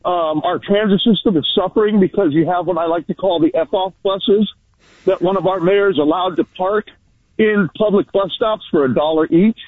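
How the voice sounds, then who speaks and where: High, breathless man on a phone line. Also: normal speed, no room sound. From San Francisco Bay Area. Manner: blunt and bitter, with many ums. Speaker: caller. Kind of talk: call-in radio comment. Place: outdoors at work. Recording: tinny dry phone line.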